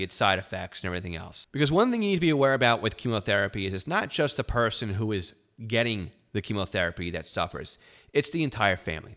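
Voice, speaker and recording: In this clip, a middle-aged man hosts a podcast and tells his own story as a personal monologue. His voice sits fairly low and has a slight brightness, and his delivery is candid and wry, laced with self-deprecating humor.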